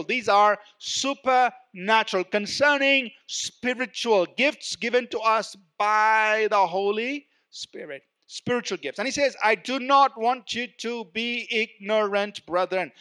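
Male preacher, high-pitched and bright, dynamic verse-by-verse sermon delivery with call-outs to the congregation. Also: clean tone.

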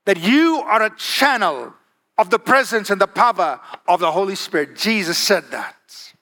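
A man's voice: high-pitched, expressive, normal speed, pushed and bright. A man preaching a sermon, emphatic, asking the congregation for "Amen?" and varying his pace. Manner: emphatic, calls for "Amen?" and varies pace for effect.

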